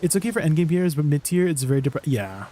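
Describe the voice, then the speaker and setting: A man's voice: fairly high pitch, sing-song, fast, mellow, a little hiss or hum. A man chatting casually on a game live stream, answering viewers' questions and laughing at himself. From Canada.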